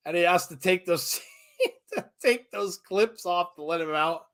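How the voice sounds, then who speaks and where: A man hosting a live wrestling watch-along, chatting casually, laughing often and breaking into excited shouts. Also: sits high, a little slow. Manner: chatty, laughs often, reads viewer comments. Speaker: host.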